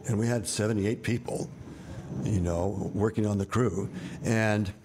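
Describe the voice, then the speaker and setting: A man's voice: fairly low pitch, steady tone, a little slow, background noise. A man in his seventies, an actor and director, telling rambling, vivid stories with wry asides in an interview. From United States. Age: 70s. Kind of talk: candid storytelling interview.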